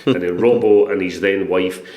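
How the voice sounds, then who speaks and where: A man in his sixties with a Scottish accent, a broadcaster telling stories as a podcast guest, animated and swearing freely. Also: low-pitched, moderate pace, echoey room. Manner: lively storyteller, swears freely. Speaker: guest, broadcaster and stadium announcer. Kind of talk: casual podcast chat.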